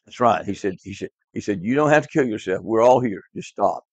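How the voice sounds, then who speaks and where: A man's voice: lowish voice, lively intonation, a little fast, no room sound. A man teaching a class Bible lesson, emphatic and repetitive, quizzing his students in a classroom. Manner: emphatic, repeats key words, quizzes the class. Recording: dull lo-fi, dry.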